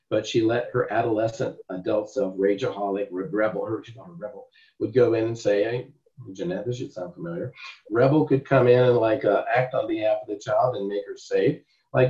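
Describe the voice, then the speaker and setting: A man's voice: on the low side, darkish tone. A man teaching a therapy class in a conversational way, often acting out what clients and he said in sessions. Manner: conversational, acts out client dialogue. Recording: roomy, dull lo-fi sound.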